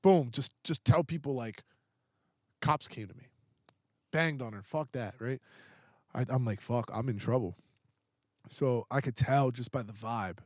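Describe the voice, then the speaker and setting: Profane, animated young man telling a story. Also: mid-range voice, measured pace, pauses often, dry recording, studio quality. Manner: animated, profane, filler-heavy retelling. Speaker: podcast guest. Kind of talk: casual storytelling.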